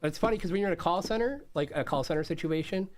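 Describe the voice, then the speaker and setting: Male streamer, slightly high voice, animated and profane storyteller, faint music behind. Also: quick pace. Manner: animated, swears freely, laughs often. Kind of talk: casual storytelling to a stream chat.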